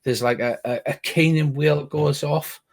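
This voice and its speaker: A man's voice: fairly high pitch, fairly even intonation, unhurried, gravelly. Middle-aged man running a tabletop game. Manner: rambling with many restarts and swearing. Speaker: game master.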